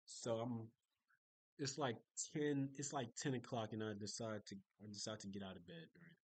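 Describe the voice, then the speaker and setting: A man's voice: lowish voice, fairly even intonation, normal speed, no room sound, poor audio. A young man telling stories in a casual video diary, rambling and chatty, full of fillers and restarts. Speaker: vlogger.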